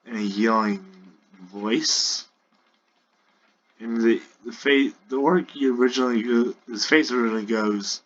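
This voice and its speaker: Slow halting male storyteller. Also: mid-range voice, a bit bright, dull audio. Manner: halting, with frequent restarts. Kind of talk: improvised role-play narration.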